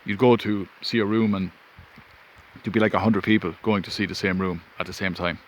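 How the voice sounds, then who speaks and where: A man's voice: on the low side, fairly even intonation, a little fast. A man casually telling a rambling personal story outdoors, recorded on a phone in the wind. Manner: rambling anecdotal, self-interrupting. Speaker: vlogger. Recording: faint wind and ambience.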